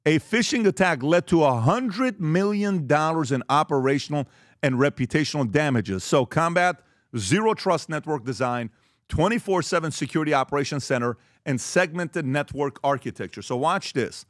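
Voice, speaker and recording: A man hosting a business presentation to a live audience, direct and emphatic, telling stories with lively acted-out exchanges. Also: on the high side, dry recording, studio quality. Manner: animated storytelling, acts out quoted exchanges; direct and emphatic, lists points quickly. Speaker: host giving a business talk.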